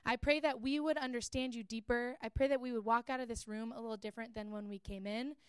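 A young woman with a high, smooth, crisp voice leads a casual Bible teaching talk. She sounds chatty and earnest and often pauses on fillers. The sound is dry and close, with no room echo. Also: fairly even intonation.

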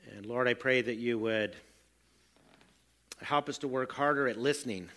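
A middle-aged pastor delivers a sermon in a bright, clear-edged voice. He is earnest and self-deprecating, slipping into family anecdotes to make his point. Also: mid-range voice, moderate pace.

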